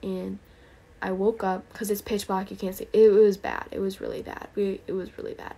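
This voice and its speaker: Late at night on a livestream, a young woman earnestly recounts faith stories, breathless and rushed, sounding tired, and whispering prayers as she goes in this casual testimony. She speaks at medium pitch and normal speed, with a flat delivery and a creaky, mellow tone.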